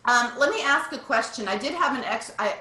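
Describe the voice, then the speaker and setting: A woman's voice: fairly high pitch, animated, brisk, sharp tone. A woman fitness instructor leading a live online workout class over a video call, upbeat and encouraging as she counts down reps. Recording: echoey room, distant from mic.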